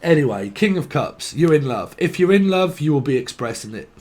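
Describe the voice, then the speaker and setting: A man's voice: a little high, sing-song, a little fast, darkish tone. A man giving a casual, rambling tarot reading, swearing and laughing between tangents. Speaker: tarot reader.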